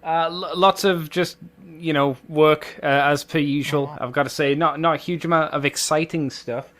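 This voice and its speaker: A man's voice: fairly high pitch, steady tone, moderate pace, fairly bright tone. A man co-hosting a casual podcast, laid-back and a little hesitant. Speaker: podcast co-host. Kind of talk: casual chat.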